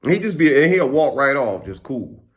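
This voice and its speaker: At a moderate pace and medium pitch, a man vlogs in an easygoing, slang-heavy monologue. He stays animated throughout, playing out bits of conversation.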